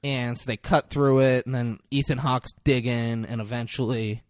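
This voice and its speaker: A man's voice: mid-range voice, moderate pace, no room sound, clean studio sound. A man in casual chat, animatedly retelling a film's scenes and swearing freely. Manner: animated, jumps into character voices, swears freely. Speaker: podcast co-host recapping a film.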